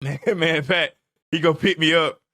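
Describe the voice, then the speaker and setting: A man in his twenties, a podcast co-host telling a story in casual chat, animated and laughing often as he acts out what people said. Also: fairly high pitch, unhurried, dry recording, clean studio sound.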